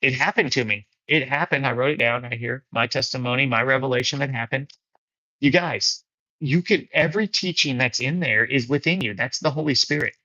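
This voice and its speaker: A bright, forceful man's voice gives a casual spiritual talk on a livestream. His delivery is earnest and laid back, and he often drops in "man" and "dude." The sound is dry and a little dull. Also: medium pitch, brisk, no room sound. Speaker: livestream host of a faith fellowship. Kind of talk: casual spiritual talk, reading viewer comments.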